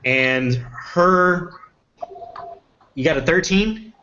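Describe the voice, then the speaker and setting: A man's voice: on the high side, drawn-out words, bright, forceful tone. A man running a tabletop fantasy game as game master, speaking hesitantly with many fillers. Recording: dull lo-fi recording.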